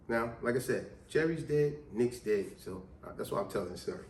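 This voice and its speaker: A man telling a story in a casual, animated, chatty way. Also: medium pitch, brisk, few pauses, reverberant.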